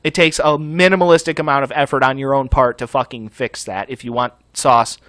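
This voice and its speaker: A man's voice: mid-range voice, fairly even intonation, brisk, no echo. A man hosting a gaming channel, ranting angrily with constant profanity over gameplay. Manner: profane, furious, yelling rant.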